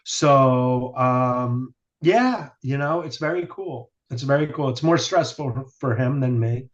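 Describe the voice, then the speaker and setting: Rambling, excitable man on a podcast. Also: mid-range voice, slow. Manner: rambling storyteller, swears casually, many fillers. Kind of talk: casual chat. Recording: dull lo-fi sound.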